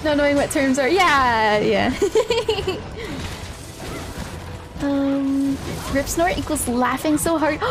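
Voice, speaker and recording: A woman streamer chatting casually with her viewers while she plays a game, giggling often and sounding a little stuffy-nosed. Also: sits high. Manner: giggly, answers chat between game moments. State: stuffy nose. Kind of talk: casual live-stream chat while playing. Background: game music.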